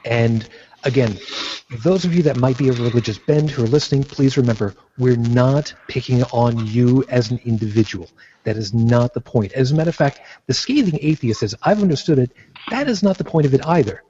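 A man's voice: mid-range voice, brisk, warm tone, dull audio, slight background noise. A man hosting a casual podcast discussion, emphatic and opinionated, often repeating phrases as he builds a point. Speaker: podcast host.

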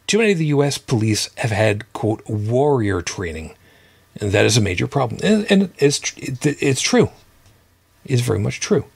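A man in his fifties co-hosting a podcast, talking in a casual, halting way with many restarts and some swearing. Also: mid-range voice, big pitch swings, gravelly, breathy edge. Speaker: podcast co-host. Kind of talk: casual chat.

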